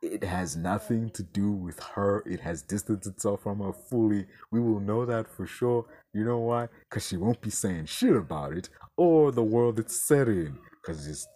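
A man's voice: on the low side, normal speed, few pauses, dark tone. A man hosting a podcast, ranting with exasperated, sarcastic, profane commentary. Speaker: podcast host.

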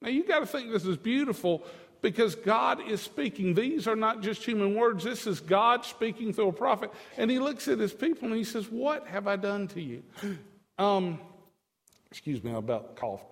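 A man preaching a sermon with passion, swinging between loud declarations and hushed pleading. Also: high voice, expressive, moderate pace, creaky, big-room sound.

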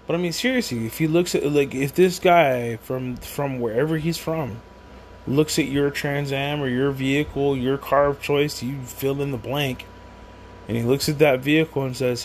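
A man's voice: mid-range voice, moderate pace, darkish tone, slight background noise. A man at home rambling through a casual monologue with many restarts and asides while he drinks.

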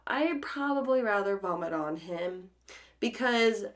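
A woman's voice: medium pitch, lively intonation, measured pace. A woman co-hosting a podcast, chatting casually, rambling a little and giggling often. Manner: giggly, rambling, self-correcting. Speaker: podcast co-host. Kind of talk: casual chat.

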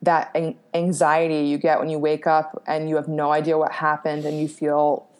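A woman's voice: low voice, completely flat delivery, normal speed, a little mellow. A young woman from Pennsylvania, a podcast guest, frankly telling a personal story with plenty of fillers, casual swearing and laughs at herself. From Pennsylvania, USA.

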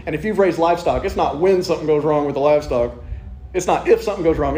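High-pitched guy preaching, jokey and wry, sounds like a big echoey church. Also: lively intonation, moderate pace, darkish tone, slight background noise. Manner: conversational and joking, with wry asides. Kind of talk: sermon. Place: church sanctuary.

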